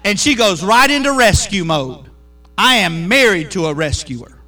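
Animated preacher man with a bright, high voice. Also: normal speed. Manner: animated preaching, call-and-response questions. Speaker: pastor. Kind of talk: sermon.

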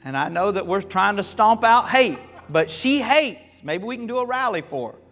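A pastor from Florida and the American South preaching a sermon, telling stories in a folksy, humorous, animated way. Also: male voice, sits high, moderate pace. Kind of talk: sermon with storytelling. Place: church sanctuary. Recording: long hall reverb with faint music.

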